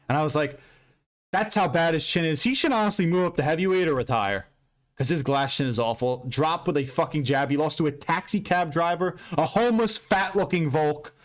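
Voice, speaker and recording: A man giving a casual, profane and rambling recap of a fight card, with bursts of excitement. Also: medium pitch. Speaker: MMA commentator recapping fights.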